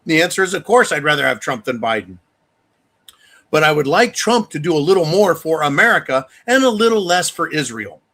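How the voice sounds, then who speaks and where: A man with a fairly high, sharp and forceful voice hosts a casual live talk show. He rants bluntly and profanely, speaking straight to his viewers as he reads out their donations. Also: very animated, a little fast. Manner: addresses viewers directly. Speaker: livestream host reading viewer donations.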